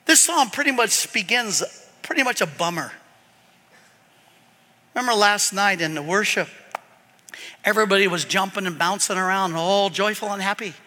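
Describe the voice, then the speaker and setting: Male pastor, sermon, animated delivery, very high and sharp-toned voice, hall echo. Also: normal speed, pauses often. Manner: animated, swings from loud emphasis to quiet asides. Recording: long hall reverb.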